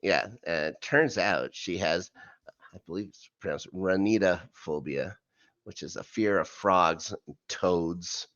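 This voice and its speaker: A man's voice: sits low, unhurried, bright, forceful tone, dry recording, muffled recording. A man co-hosting a podcast, recapping an episode in a casual, rambling way with many fillers and asides. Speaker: podcast co-host. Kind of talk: casual rewatch recap chat.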